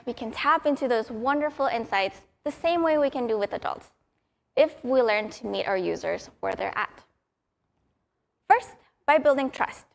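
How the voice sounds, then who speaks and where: A woman's voice: on the high side, creaky. A young adult woman giving a prepared conference talk in an upbeat, storytelling way. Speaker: conference speaker.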